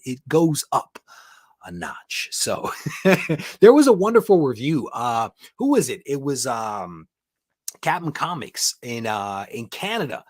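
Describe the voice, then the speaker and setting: A man's voice: mid-range voice, no room sound, studio quality. A man hosting a comic collecting live stream, chatting casually, greeting viewers by name and laughing often.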